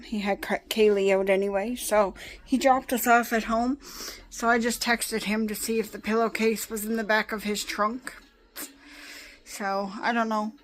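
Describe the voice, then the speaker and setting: A woman's voice: medium pitch, poor audio. A middle-aged woman talking casually into her phone camera for her vlog, rambling and chatty with small laughs. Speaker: vlogger.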